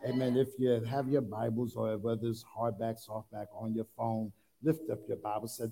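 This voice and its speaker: A man preaching a sermon, leading the congregation in call-and-response and rising to loud, fervent preaching. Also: mid-range voice, level tone, normal speed, vocal fry, few pauses, rough recording. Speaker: pastor.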